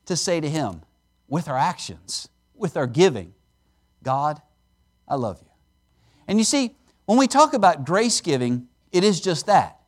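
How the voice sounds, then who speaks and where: A man preaching a sermon as a guest speaker at a missions conference, animated and conversational, with emphatic lines and playful asides. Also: on the high side, normal speed. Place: church service.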